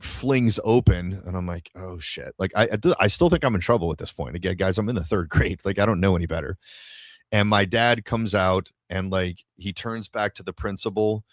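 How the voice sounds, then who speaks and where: A man's voice: sits low, no echo. A man hosting a podcast, telling a story to a live audience in a rambling, casual way, full of fillers and swearing. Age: adult father of a toddler. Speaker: podcast host.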